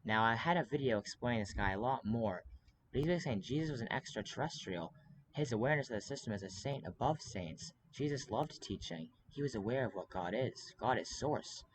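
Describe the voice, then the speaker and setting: A man's voice: mid-range voice, expressive, fairly quick, slight background noise, poor audio. A man talking to camera in a rambling, urgent way, full of fillers and restarts. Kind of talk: casual monologue to camera.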